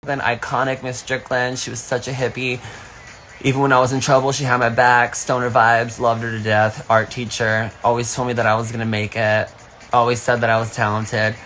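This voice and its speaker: A young man chatting casually on a phone livestream, telling stories in a campy, profane way, with sudden high squeals when he quotes people. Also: flat delivery, brisk, a bit bright, a little hiss or hum. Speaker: streamer on a live video. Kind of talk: casual storytelling chat.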